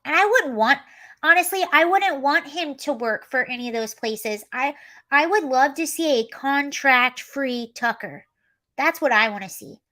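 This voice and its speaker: A chatty woman hosting a casual livestream with a slightly high voice. She talks freely and animatedly, riffing on the news and answering viewers as she goes. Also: unhurried. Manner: chatty, animated, reads chat comments aloud. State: allergies, coughing and sneezy. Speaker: livestream host. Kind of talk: casual political commentary livestream.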